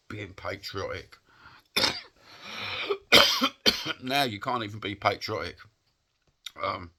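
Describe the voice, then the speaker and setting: A man's voice: low voice, sharp tone. A man with a Cockney accent from England, giving an impassioned, rambling opinion monologue for his vlog. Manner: impassioned, rambling, plain-spoken. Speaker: vlogger.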